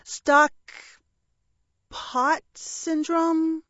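A woman's voice: extremely high pitch, little pitch movement, very slow, fairly bright tone, no room sound, lo-fi sound, pitched above the performer's own voice, full character voice. A woman voicing an earnest, bumbling young male dragon who speaks in a flustered, grandly heroic way in an audiobook reading.

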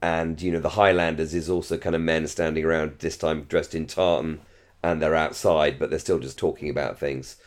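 A man's voice: rumbling low, flat delivery, normal speed. A man co-hosting a podcast in casual chat, musing aloud and hedging as he talks. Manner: musing and hedging, lots of "I mean" and "you know". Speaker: podcast co-host.

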